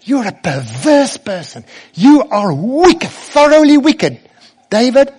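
A man voicing an enraged cursing man who shouts insults, slowly and with heavy emphasis. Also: very high-pitched, sing-song, breathy edge, voice pushed up, heavily acted. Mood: scornful. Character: furious cursing man hurling insults at a fleeing king.

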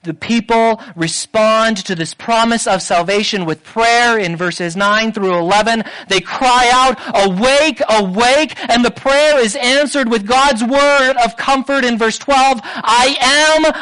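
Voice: mid-range voice, a little slow, hardly any pauses, fairly bright tone, clear, resonant tone, poor audio. A preacher delivering a sermon with emphatic delivery, repeating phrases and building to raised intensity.

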